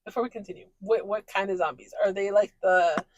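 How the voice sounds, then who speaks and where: A young woman co-hosting a podcast in casual chat, animated, with quick asides and bursts of laughter. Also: mid-range voice, highs cut off. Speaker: podcast co-host.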